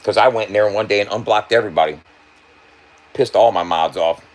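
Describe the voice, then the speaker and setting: A man with a lowish voice talks fairly quickly on a livestream, bantering loosely with his chat, swearing freely and laughing often.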